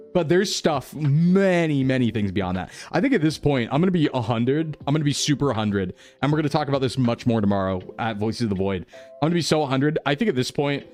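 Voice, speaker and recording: A young American man chatting casually with his stream viewers, excitable and loose, full of "like" and "bro". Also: mid-range voice. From United States. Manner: animated, excitable, lots of "like" and "bro".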